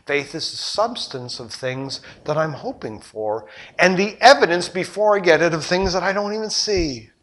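An older man preaching a sermon as a pastor, with rhetorical questions and passion that surges loud and then drops low. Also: animated, normal speed. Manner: impassioned preaching, rhetorical questions, surging and dropping loudness.

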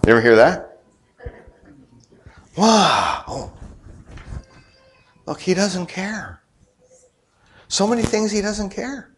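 A middle-aged man delivers a sermon in a relaxed, chatty way. His voice sits a little high and swoops widely as he throws rhetorical questions at his listeners. He breaks things up with quick joking asides. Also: slight background noise. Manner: conversational preaching with rhetorical questions to the congregation. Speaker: pastor.

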